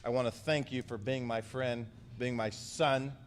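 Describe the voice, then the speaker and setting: A man's voice: mid-range voice, steady tone, a little slow, a little hiss or hum. A man, an outgoing mayor, giving a joking, affectionate and slightly emotional farewell speech at an indoor press conference, thanking people by name. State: a little emotional. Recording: echoey hall with crowd murmur.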